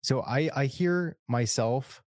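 A man co-hosting a podcast in casual chat, thoughtful and a little halting. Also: mid-range voice, a little mellow, no echo, studio quality. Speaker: podcast co-host.

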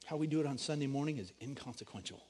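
A middle-aged man preaching a sermon, animated, swinging between loud emphasis and hushed storytelling. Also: medium pitch, rapid-fire, slight background noise. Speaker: pastor.

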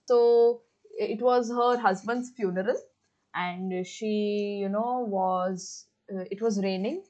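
A woman hosting a podcast in casual book chat, gushing and excitable, with lots of fillers. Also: a little high. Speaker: podcast host. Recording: dull lo-fi recording.

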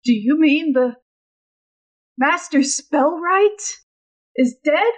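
A woman's voice: sits high, lively intonation, extremely slow, a bit bright, heavily acted. A woman voicing a flustered male fire-juggling entertainer in a tabletop game, who stammers and hesitates. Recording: dull, lo-fi audio.

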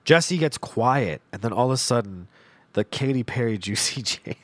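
A man hosting a podcast, telling a comedic story in a profane, animated way and laughing along. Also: medium pitch, normal speed, dry recording. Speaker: podcast host.

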